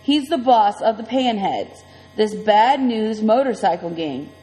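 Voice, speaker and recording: A woman's voice: mid-range voice, expressive, a little slow, warm tone. A woman reading a first-person story aloud in a conversational, vivid way. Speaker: audiobook reader. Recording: long reverb, faint music.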